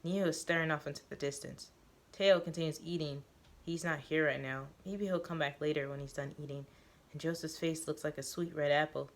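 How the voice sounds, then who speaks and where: A woman reading a first-person story aloud, halting now and then with fillers and self-corrections. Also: sits low, fairly even intonation. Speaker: reader of a story.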